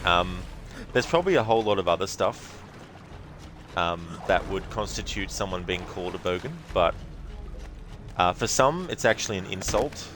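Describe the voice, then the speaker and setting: An Australian streamer with a deep voice chats loosely with his viewers as he plays. His talk is relaxed and rambling, full of easy laughs. Game music plays faintly behind him. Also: measured pace, pauses often. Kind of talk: casual live-stream chat with viewers.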